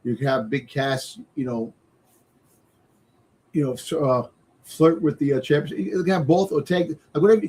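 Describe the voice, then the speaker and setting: A man's voice: fairly high pitch, normal speed, pauses often, darkish tone, husky. A man co-hosting a wrestling podcast, talking casually and rambling with lots of fillers and restarts. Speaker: podcast co-host.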